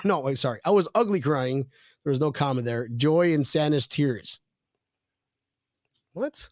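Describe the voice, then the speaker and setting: Man, slightly high voice, jokey host. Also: unhurried, no room sound, studio quality. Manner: jokey, reads viewer comments aloud. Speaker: podcast host. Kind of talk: casual chat.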